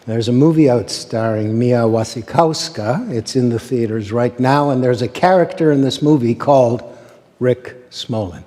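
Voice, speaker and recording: Halting male host in a reverberant hall. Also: mid-range voice, warm tone, a little hiss or hum. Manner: halting, many fillers. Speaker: host introducing a speaker. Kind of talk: stage introduction. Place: large conference stage before an audience.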